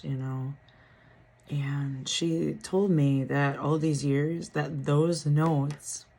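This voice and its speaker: Woman vlogger, one-take update, low gravelly voice, halting and tired. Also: a little mellow. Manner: rambling, halting, self-deprecating. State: tired and muttering.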